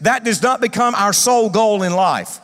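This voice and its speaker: A man's voice: high voice, expressive, moderate pace, a bit bright. A male pastor preaching an emphatic sermon, calling for responses from the congregation. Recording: long hall reverb.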